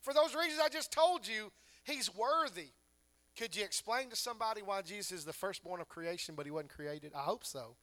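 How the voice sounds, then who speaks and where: Male pastor, high bright voice, preaching with emphatic rhetorical questions. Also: animated, brisk. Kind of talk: sermon.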